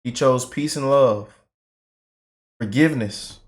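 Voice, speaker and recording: A man's voice: mid-range voice, takes it slowly. A man hosting a political commentary channel, emotional and repetitive, filling his talk with "man" and "you know".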